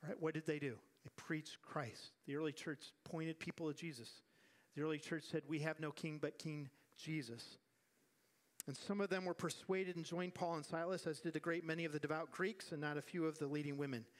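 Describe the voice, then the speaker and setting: Animated male pastor preaching a sermon. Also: fairly high pitch, a little fast. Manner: animated preaching with acted-out quotes and repeated refrains. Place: church sanctuary.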